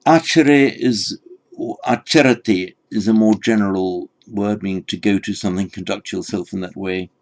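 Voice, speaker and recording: Brief: male teacher, deep gravelly voice, careful word-by-word scripture lecture. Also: normal speed. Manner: thoughtful, explaining word by word with frequent restarts. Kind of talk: textual lecture on Pali scripture.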